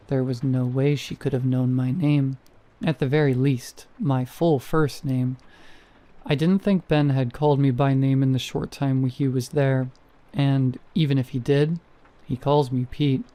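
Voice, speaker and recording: A man reads a scripted first-person horror tale, measured and suspenseful in his pacing. His voice has a dark, mellow tone at a middling pitch. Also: little pitch movement. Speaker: narrator.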